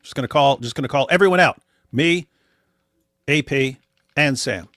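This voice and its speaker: A livestream host, a man with a medium-pitched, slightly bright voice, speaks at a moderate pace in casual commentary. He's emphatic, repeating words as he keeps addressing his audience. The studio-quality recording has no room sound.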